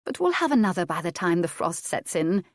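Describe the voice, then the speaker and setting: A woman's voice: fairly low pitch, very animated, brisk, no room sound. A woman reading the part of a proud, composed young noblewoman in an audiobook. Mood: sad. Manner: dry, composed.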